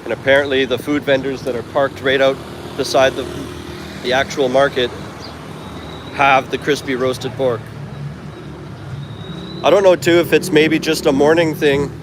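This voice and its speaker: A man's voice: mid-range voice, steady tone, moderate pace, long pauses. Chatty man vlogging on a busy street. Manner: rambling, chatty, self-correcting asides. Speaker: travel vlogger. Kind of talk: casual walking vlog. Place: busy city street market outdoors. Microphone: handheld phone. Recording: street noise behind the voice. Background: traffic and street noise.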